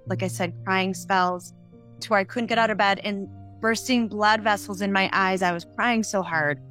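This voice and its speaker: A middle-aged woman guest telling a personal story on a podcast in an earnest, increasingly animated way. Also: a little high. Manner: earnest, growing excited and animated.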